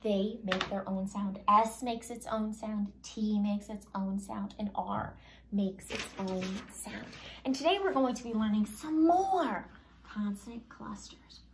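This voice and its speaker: A woman leads a phonics lesson for young children, sounding out letters slowly and with exaggeration while prompting and praising the class in an upbeat way. Her voice is medium in pitch, with slight background noise in the recording.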